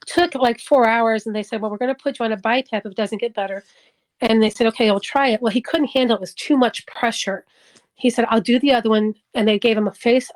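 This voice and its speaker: A woman's voice: on the high side, poor audio. Middle-aged woman recounting a personal ordeal. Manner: emotional storytelling, acting out dialogue. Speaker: interviewee. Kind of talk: personal testimony.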